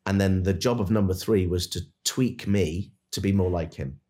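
A man, a dentist and business coach, guesting on a podcast and telling stories in an animated, earnest coaching tone. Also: low-pitched, moderate pace. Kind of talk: casual podcast storytelling.

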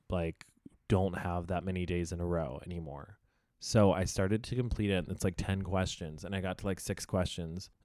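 A man's voice: deep voice, dark tone, clear, resonant tone, no echo, clean studio sound. A young adult man telling a rambling, blunt, profane story in a casual confessional video diary, full of filler words. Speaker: video diarist.

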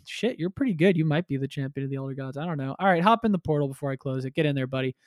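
High-voiced man telling a story casually. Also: very fast, no room sound, studio quality. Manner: animated storytelling, acts out characters with crude humor. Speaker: podcast co-host retelling a game story. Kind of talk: casual chat.

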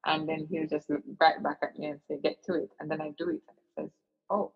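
Brief: woman guest, earnest and reflective, gravelly voice, dull lo-fi recording. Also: deep voice, fast, faint music behind. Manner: earnest, reflective, with frequent fillers and restarts. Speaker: interview guest. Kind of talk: personal storytelling in casual chat.

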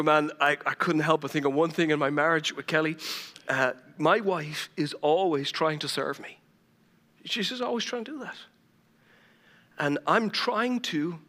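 A middle-aged Irish pastor preaches with a high, bright, forceful voice, mixing humor and self-mocking stories into his sermon. His voice rings with the long reverb of a large church hall, picked up by a stage mic. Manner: humorous storytelling, laughing at himself. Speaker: lead pastor.

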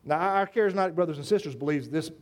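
A man's voice: fairly high pitch, quick pace. A man preaching a sermon to his church, emphatic and repetitive, full of rhetorical questions. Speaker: pastor.

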